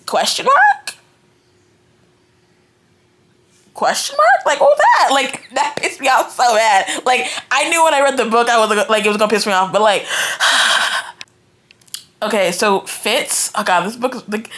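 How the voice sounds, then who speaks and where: A young woman giving a casual, animated book reaction, ranting in exasperation and filling her talk with "like" and "right?". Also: a little high, a little slow. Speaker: book reviewer. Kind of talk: casual reading-reaction rant.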